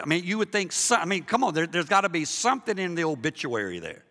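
A man preaching a sermon in a church, animated, moving from loud emphasis to hushed softness, with jokey asides to the congregation. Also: fairly high pitch, fast, few pauses, in a large hall. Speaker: pastor. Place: church sanctuary.

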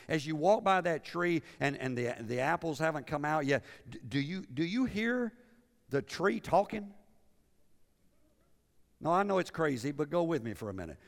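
A middle-aged man preaching a sermon in a conversational way, asking his listeners questions and often restarting his words. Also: on the high side. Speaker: pastor. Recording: reverberant hall.

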